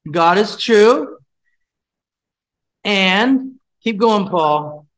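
A man's voice: sits high, slow, pauses often, fairly bright tone, low-quality recording. A man leading a Bible study, teaching from scripture, repeating his points and putting questions to the group.

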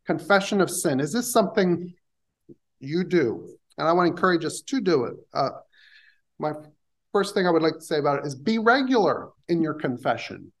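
A male pastor delivering a sermon to his congregation. He speaks conversationally, pausing and restarting as he works through the passage. His voice sits somewhat high for a man. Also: rough recording. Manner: conversational preaching with pauses and restarts.

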